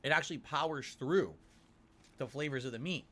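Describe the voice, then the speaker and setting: A man reviewing a sandwich on stream while he eats, describing each bite slowly and with relish. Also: medium pitch, sharp tone, slight background noise. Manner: savoring, drawn-out descriptions between bites. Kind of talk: food review while eating.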